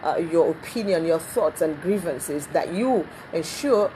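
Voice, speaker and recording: A woman hosting a live talk show, speaking haltingly with many ums and restarts. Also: lowish voice, expressive, mellow, a little hiss or hum, rough recording. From Nigeria.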